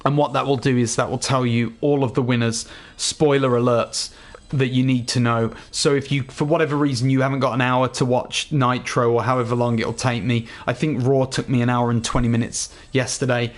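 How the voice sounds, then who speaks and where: An English man talking straight to his viewers in a relaxed, rambling way. His voice sits at an ordinary middle pitch, and he comes across as earnest and chatty as he runs through plans and thanks. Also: a little fast. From England. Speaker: gaming YouTuber. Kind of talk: casual outro to viewers.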